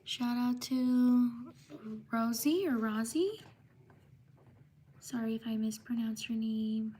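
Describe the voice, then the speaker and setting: A woman hosting a live stream, reading out viewers' names one by one and quickly apologizing for mispronunciations. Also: on the high side, flat delivery, dark tone, slight background noise. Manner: slow, drawn-out name reading with quick apologies. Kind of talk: live stream shout-outs.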